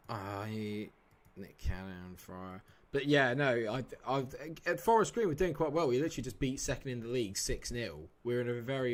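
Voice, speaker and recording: A man with a fairly low voice runs a relaxed live-stream commentary over a football management game. He talks straight to his viewers and his players, with easy chat and a bit of mild swearing, from a room at home. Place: home room near a main road.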